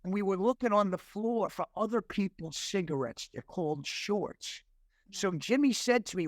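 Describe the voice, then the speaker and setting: Older male guest in his 60s, animated storyteller, a touch high-pitched, dry close sound; earnest. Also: moderate pace, no echo. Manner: animated storyteller acting out dialogue; earnest, emotional at times. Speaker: interview guest. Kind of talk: personal recovery story.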